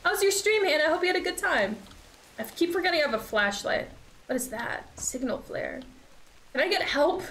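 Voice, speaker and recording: High-voiced young woman streaming a horror game. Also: lively intonation, fairly quick, fairly bright tone. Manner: chatty, swears a lot, reacts with nervous laughs. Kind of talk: live game commentary. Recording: echoey room, faint noise.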